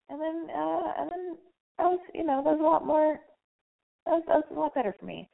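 A woman with a high, expressive voice, now raspy and hoarse as she loses it, hosts a casual call-in radio advice show. She talks a little fast over phone-quality sound, candid and rambling, and swears freely.

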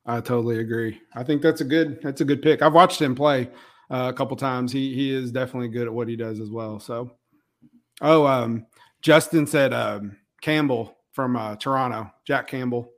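A man's voice: medium pitch, steady tone, moderate pace. A man co-hosting a sports podcast, agreeing easily and hesitating with frequent ums. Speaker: podcast co-host. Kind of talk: casual sports chat.

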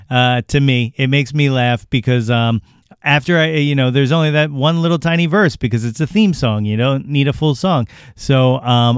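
A man's voice: medium pitch, smooth, no echo, studio quality. A man hosting his podcast, talking casually and rambling with many filler restarts. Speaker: podcast host.

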